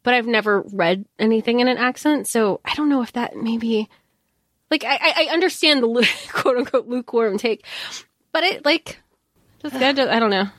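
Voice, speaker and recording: A woman's voice: a little high, moderate pace, a bit bright, dry recording, studio quality. A woman co-hosting a podcast, chatting casually about a book, rambling and hedging with many fillers and restarts. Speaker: podcast co-host. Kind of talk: casual book-review chat.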